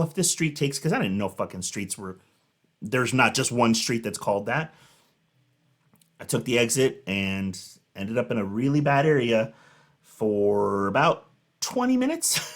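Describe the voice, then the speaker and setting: Hosting a reaction video, this thirty-something man from Southern California spins a rambling, filler-packed story in a casual, chatty way. He speaks expressively at medium pitch and a moderate pace.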